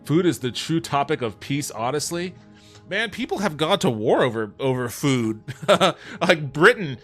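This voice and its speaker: Relaxed and profane, a man with a mid-range voice chats casually with livestream viewers, reading their chat out loud and responding to it.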